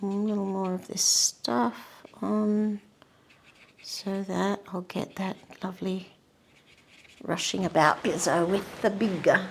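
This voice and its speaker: A woman giving a painting demonstration, murmuring softly to herself and often dropping to a whisper. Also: medium pitch, fairly even intonation, slow, vocal fry. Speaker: art instructor.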